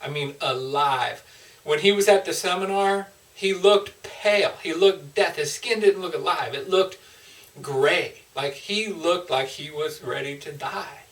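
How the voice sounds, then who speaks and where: A man's voice: fairly high pitch, measured pace, fairly bright tone, recorded from a distance, rough recording. A man, a motivational speaker, telling an emotional personal story in an earnest, heartfelt way with frequent restarts.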